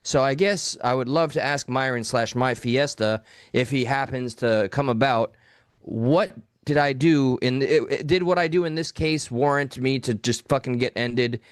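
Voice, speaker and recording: A man co-hosting a live call-in talk show, telling a story in a blunt, profane, animated way. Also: mid-range voice, moderate pace, clear, resonant tone, dry recording, studio quality. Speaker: podcast co-host.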